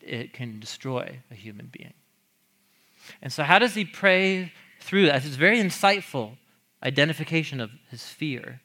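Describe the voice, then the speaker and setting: A man's voice: medium pitch, sharp tone. A man teaching a sermon on a psalm in a chatty, questioning way, laughing often and asking the audience questions. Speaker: pastor.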